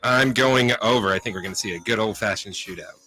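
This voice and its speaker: A man with a low, bright voice who talks fast. He gives short, contrarian picks and then drops out of the talk. Music sits faintly behind him. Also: rough recording. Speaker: sports radio regular. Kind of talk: casual sports talk.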